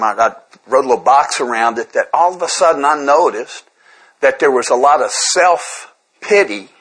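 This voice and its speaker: Husky-voiced man giving a candid talk. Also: medium pitch, fairly bright tone, low-quality recording. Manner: conversational and self-deprecating, often repeats words while restarting. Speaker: speaker sharing at a twelve-step recovery workshop. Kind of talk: candid recovery talk to a group.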